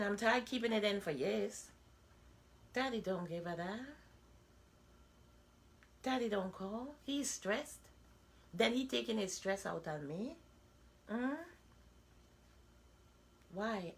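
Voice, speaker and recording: A woman's voice: mid-range voice, lively intonation, takes it slowly, creaky, pauses often. Blunt, chatty woman in her forties. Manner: blunt, chatty, frequent rhetorical asides. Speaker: vlogger. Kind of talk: candid personal monologue.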